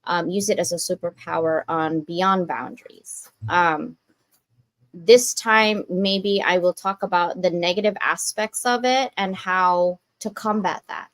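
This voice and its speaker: A woman hosting a podcast in casual chat, animated and acting out little voices of other people. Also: lowish voice, measured pace, dry recording. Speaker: podcast host.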